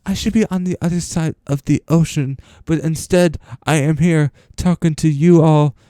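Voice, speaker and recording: Teen boy mocks a shrill, scolding teen girl, drawn out. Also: fairly even intonation, mellow, no room sound, studio quality, lightly acted. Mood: mocking. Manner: exaggerated, drawn-out mocking tone.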